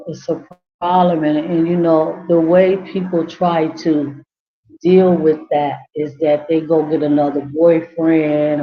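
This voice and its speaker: A middle-aged woman who works as a community care advocate, speaking to her audience in a slow, comforting, repetitive way. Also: sits low, dull audio. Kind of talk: slow heartfelt talk to camera.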